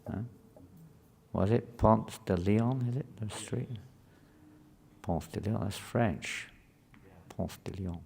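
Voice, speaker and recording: A man's voice: on the low side, takes it slowly, vocal fry, long pauses, darkish tone, slightly rough. A man teaching a scripture class to a live group in a conversational way, often asking the listeners questions.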